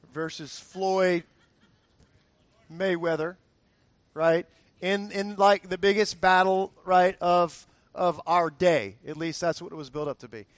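High-voiced, lively man preaching. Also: dry recording. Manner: conversational and humorous, stumbles and repeats words; animated, asks the audience to answer aloud. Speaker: pastor. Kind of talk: sermon.

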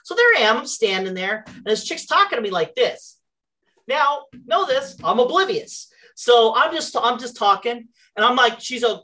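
Her voice fairly high and her pace moderate, a woman storyteller on a talk show recounts an argument with exasperated sarcasm. She swears, stays animated, and voices both people in the dialogue herself.

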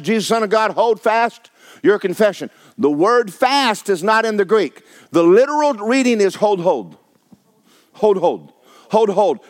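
A middle-aged male pastor, preaching a sermon in a folksy, emphatic way and repeating phrases for effect. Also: sits high.

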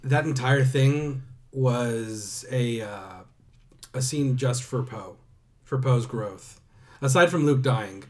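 A man's voice: mid-range voice, slow pace, darkish tone. A man co-hosting a podcast in casual chat, talkative, laughing often and dropping sarcastic asides. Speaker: podcast co-host.

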